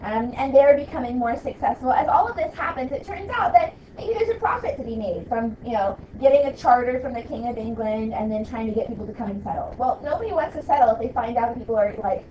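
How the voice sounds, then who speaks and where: A woman with a fairly high, mellow voice gives a casual history lecture, thick with fillers. She sounds far from the mic in an echoey room, and the recording is dull and lo-fi. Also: expressive, quick pace, few pauses. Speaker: history teacher. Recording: distant, roomy, dull lo-fi with faint hiss.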